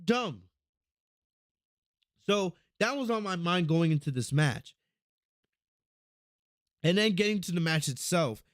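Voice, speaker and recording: Excitable, profane podcast host, higher voice. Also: male voice, a little slow, pauses often, no echo, clean studio sound. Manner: excitable, profane, rambling recap with frequent restarts. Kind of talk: casual wrestling review podcast.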